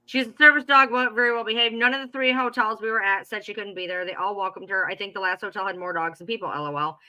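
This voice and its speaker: A woman's voice: medium pitch, fairly even intonation, fast, sharp tone, low-quality recording. A woman bluntly telling her side of a falling-out in casual talk, sounding exasperated.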